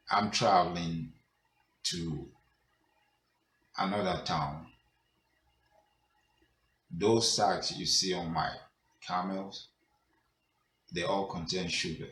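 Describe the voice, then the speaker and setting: A man's voice: deep voice, fairly bright tone, reverberant, distant mic, slight background noise. A man doing a sly wandering traveler. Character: weary male traveler, sly and quick-witted.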